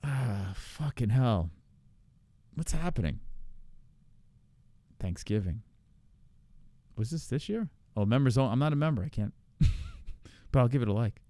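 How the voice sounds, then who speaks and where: A man's voice: medium pitch, lively intonation, a little slow, pauses often, mellow, dry recording. A man hosting a podcast, chatting casually and profanely while reacting to online streams, often laughing. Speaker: podcast host.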